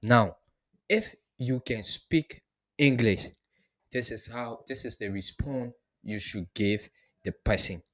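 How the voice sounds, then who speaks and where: A man teaching beginner French, who says each phrase slowly and repeats it before explaining it. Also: mid-range voice, fairly bright tone. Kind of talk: beginner language lesson.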